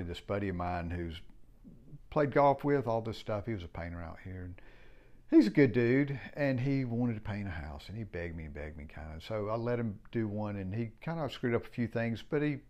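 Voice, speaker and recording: A middle-aged man with a low voice speaks in a loose, rambling way, frank and plain-spoken, with an occasional curse. The recording sounds dull and lo-fi, as if the high end has been shaved off. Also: animated, a little fast, darkish tone. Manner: rambling, frank, swears casually. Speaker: home builder, business owner. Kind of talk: casual reflective monologue.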